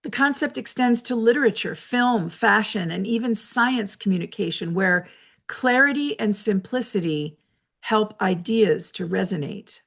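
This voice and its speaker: A woman speaks alone from her office as host of a reflective talk, her medium-pitched voice expressive, a bit bright, and marked by vocal fry. She explains ideas in a measured, lecturing style and drops in personal asides.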